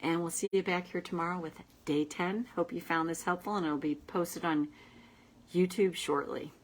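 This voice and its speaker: Soft-spoken woman coach, slightly low voice. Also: fairly even intonation, moderate pace, poor audio. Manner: talks casually and drops at times into a soft, soothing whisper. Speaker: self-help coach and host. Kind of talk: casual coaching livestream.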